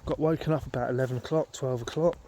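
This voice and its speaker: A man talks into his phone outdoors in a rambling, exasperated way, swearing often as he goes. His voice sits at an ordinary middle pitch, and a faint hiss of background noise runs under it. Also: steady tone, fast. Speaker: vlogger. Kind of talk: casual outdoor vlog. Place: outdoors at a lake.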